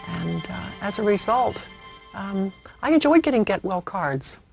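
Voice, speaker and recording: A woman in her fifties telling her own story in a reflective, measured way, with hesitant pauses. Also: mid-range voice, expressive, gravelly, rough recording. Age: 50s. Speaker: narrator. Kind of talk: personal testimony narration. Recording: music bed under the voice.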